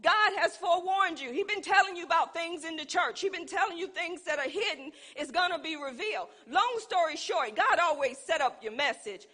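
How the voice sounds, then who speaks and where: A woman's voice: very high voice, animated, a little fast, few pauses, sharp tone. A woman preaching a sermon, calling out to her congregation and building to fervent emphasis. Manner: call-and-response preaching, rising to fervent emphasis.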